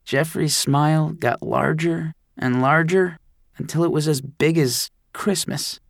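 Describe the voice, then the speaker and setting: A man's voice: on the high side, a little slow, creaky, dry recording, studio quality. A man narrating a first-person audiobook in a wry, self-deprecating storytelling manner.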